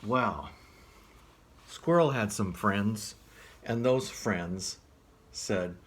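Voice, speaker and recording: A man reading a picture book aloud as a children's librarian, gently asking the listener questions. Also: lowish voice, very slow, pauses often, husky.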